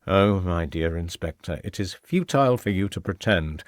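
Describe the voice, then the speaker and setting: A man's voice: low voice, animated, normal speed, no room sound, studio quality. A man voicing a scheming murderous villain who talks in a sneering, gloating way. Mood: menacing.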